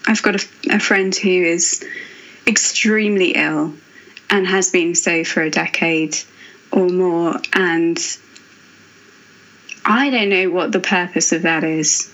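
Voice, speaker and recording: A woman author speaking as a guest, thoughtful and earnest, pausing and restarting as she reflects on faith. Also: fairly low pitch, fairly even intonation, fairly bright tone, muffled recording. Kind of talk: reflective faith podcast conversation.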